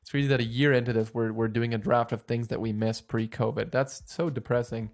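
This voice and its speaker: A man's voice: mid-range voice, fairly even intonation, fairly quick, a little mellow, faint music behind. A man co-hosting a podcast in casual chat, rambling with chuckles and poking fun at himself. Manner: rambling, chuckling, self-deprecating. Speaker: podcast co-host.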